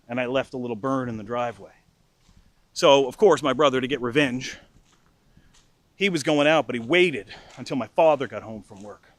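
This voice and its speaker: A middle-aged man telling a comic personal anecdote in an animated, mock-furious way. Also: mid-range voice, dry recording. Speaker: storyteller. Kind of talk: casual anecdote storytelling.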